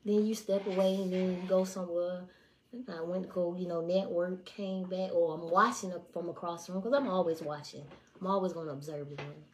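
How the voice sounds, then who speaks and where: A woman in her twenties telling stories on a casual livestream, blunt and profane. She swings between hushed asides and loud, animated outbursts. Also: fairly low pitch, fairly quick, slight background noise. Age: 20s. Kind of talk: casual storytelling to a live audience.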